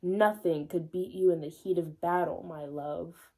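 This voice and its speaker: A woman reading the lines of a devoted, formal god-warrior man, slow and old-fashioned in manner. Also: lowish voice, fairly even intonation, mellow. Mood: earnest devoted.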